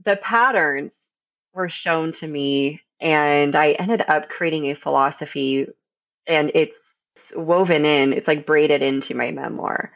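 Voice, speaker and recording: A podcast guest speaking haltingly and laughing a little between thoughts. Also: medium pitch, vocal fry, fairly bright tone, lo-fi sound. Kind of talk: casual podcast conversation.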